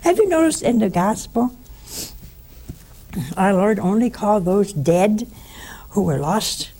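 A woman giving a conversational spiritual teaching, telling stories with lively asides to her listeners. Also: medium pitch, slow.

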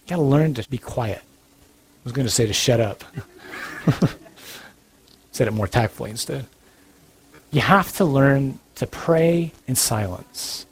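A man's voice: mid-range voice, lively intonation, measured pace, long pauses. A man giving an earnest, blunt Catholic talk to young adults, with dry humor. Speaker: Catholic speaker.

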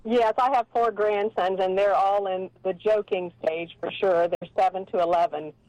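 A woman's voice: medium pitch, steady tone, moderate pace, darkish tone, no room sound, muffled recording. Older female caller, sweet and flustered, dry phone sound. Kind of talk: phone-in chat.

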